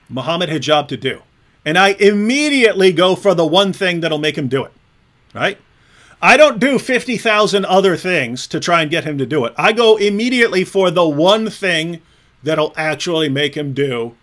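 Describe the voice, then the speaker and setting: Sarcastic male co-host of an online discussion, talks mockingly in a fairly high voice. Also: a bit bright.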